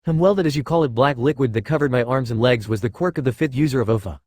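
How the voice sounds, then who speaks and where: A brash young sword fighter who curses freely, read by a man. He rushes through his lines at a brisk clip. The sound is dry and close. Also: mid-range voice, a little mellow, no room sound, natural voice. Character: young male swordsman hero, blunt and profane.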